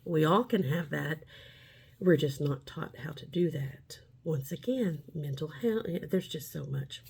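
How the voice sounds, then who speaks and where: A woman's voice: low voice, measured pace, vocal fry, a little mellow, husky. Rambling, upbeat woman in her forties. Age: 40s. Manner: chatty, rambling, upbeat and preachy. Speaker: vlogger. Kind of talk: casual talking-to-camera vlog.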